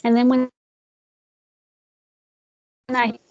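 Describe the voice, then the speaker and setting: A woman leading a screen-share software tutorial for real estate agents, talking casually, calling her listeners "guys" and joking about slow screens. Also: a little high, completely flat delivery, dull audio. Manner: chatty, addresses audience as guys, jokes about glitches.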